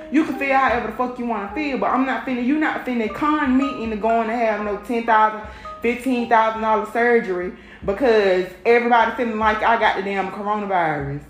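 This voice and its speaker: A woman's voice: on the high side, brisk. A woman talking straight to her audience in a casual rant, blunt, emphatic and full of swearing. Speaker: vlogger. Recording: roomy echo with faint music.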